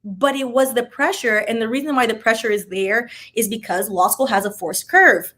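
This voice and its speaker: A young woman with a slightly high voice tells stories in a casual vlog. She talks in an animated, dramatic way, acting out the voices of the people in her story. She drops in chatty asides as she goes. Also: normal speed. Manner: animated, dramatic retelling with acted-out quotes; chatty asides, says "child" and "like" often. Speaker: vlogger.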